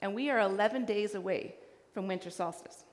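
A woman's voice: medium pitch, a little fast. A Canadian woman giving a sermon, telling a story and acting out the voices of people she met. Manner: animated storyteller acting out dialogue. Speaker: guest preacher. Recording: hall reverb.

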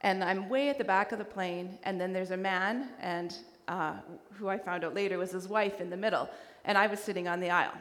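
In a sermon recorded with hall reverb, a Canadian woman preaching as a guest tells a story, bringing to life the voices of people she met. Her mid-range voice runs a little fast, with few pauses, and her delivery is animated.

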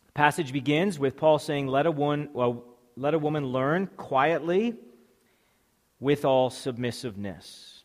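A man's voice: fairly high pitch, measured pace. A man giving a sermon. He reads scripture aloud and then explains it step by step, with some fillers and restarts. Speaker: preacher. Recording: long hall reverb.

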